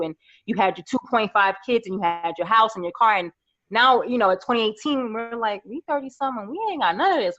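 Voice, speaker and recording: A woman in her thirties from New York, a podcast guest telling stories in a lively, casual way and acting out her friends' voices. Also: mid-range voice, dull audio. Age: 30s. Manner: animated storyteller, acts out friends' voices. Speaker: podcast guest, makeup artist.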